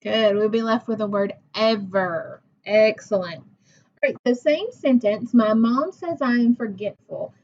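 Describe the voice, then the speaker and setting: A woman teacher leading a phonics lesson for young children. She talks slowly and patiently, sounding out words and praising each answer. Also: a little high, lively intonation, darkish tone, a little hiss or hum. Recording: dull lo-fi recording.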